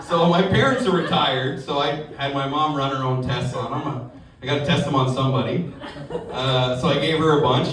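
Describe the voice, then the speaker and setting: A young man doing a stand-up comedy set, telling stories with animated delivery and acting out other people's voices. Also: medium pitch, moderate pace. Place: comedy club stage. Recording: echoey club mic with crowd laughter, from far off. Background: audience laughing.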